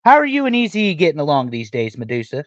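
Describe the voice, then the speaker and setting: A man hosting a live stream reads viewer questions in a conversational way, pausing often. His voice sits a little high, dry and close, on a dull, lo-fi mic. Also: wildly swooping pitch, no echo. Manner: conversational, with frequent "um" pauses.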